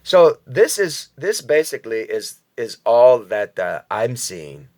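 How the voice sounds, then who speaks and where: A man's voice: medium pitch, big pitch swings, slow, a little mellow. A man from the United States giving a rambling, casual vlog monologue, talking straight to his viewers with frequent profanity and chuckles. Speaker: vlogger commentator.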